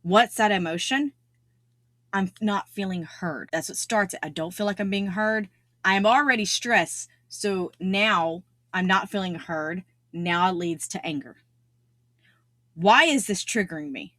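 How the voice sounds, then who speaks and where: A woman's voice: medium pitch, a little slow, fairly bright tone, no room sound, clean studio sound. A middle-aged woman hosting a solo self-improvement podcast, talking earnestly and repeating key phrases for emphasis. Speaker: podcast host.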